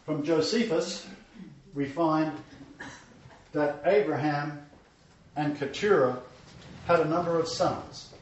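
A man's voice: on the high side, takes it slowly, long pauses, a little hiss or hum. A man giving a Bible lecture who reads scripture aloud and breaks off to make emphatic comments. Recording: echoey, distant, dull-sounding room.

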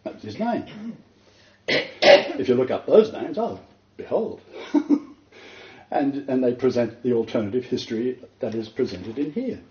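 A man preaching a sermon as pastor, animated and emphatic, often breaking into laughter. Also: mid-range voice, measured pace, long pauses, roomy sound, lo-fi sound.

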